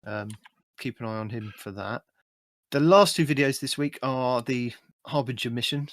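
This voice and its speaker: A man's voice: mid-range voice, fairly bright tone, dry recording. A man co-hosting a casual gaming podcast, easygoing and rambling, often restarting his sentences. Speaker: podcast co-host.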